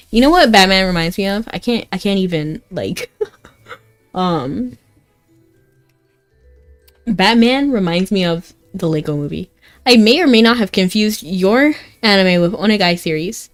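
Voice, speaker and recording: A woman's voice: mid-range voice, lively intonation, unhurried, pauses often. A young woman streaming a game, chatting casually and rambling to her chat with frequent giggles. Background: faint game music.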